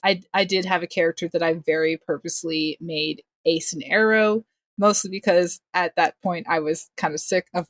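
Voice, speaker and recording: A woman's voice: on the low side, fairly bright tone, no room sound, clean studio sound. A woman talking as a guest on a podcast, a game master who chats casually and laughs often at herself. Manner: laughs often, self-deprecating. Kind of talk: casual interview chat.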